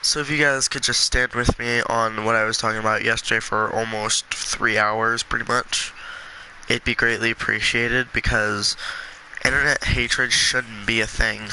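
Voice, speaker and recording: A congested man talking earnestly and with passion in a gaming vlog, with halting restarts. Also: mid-range voice, level tone, sharp tone, a little hiss or hum, rough recording. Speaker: gaming video creator.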